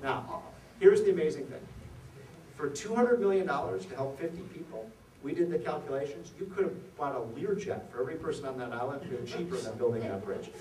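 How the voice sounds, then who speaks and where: A man giving an after-dinner policy speech, an animated storyteller who throws rhetorical questions at the audience. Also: fairly high pitch, a little fast, a little hiss or hum. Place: event hall at a reception. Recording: echoey hall from far off.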